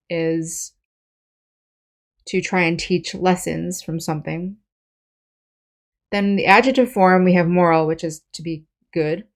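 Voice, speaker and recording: Woman, English teacher, patient step-by-step explanations, lowish voice. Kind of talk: vocabulary lesson.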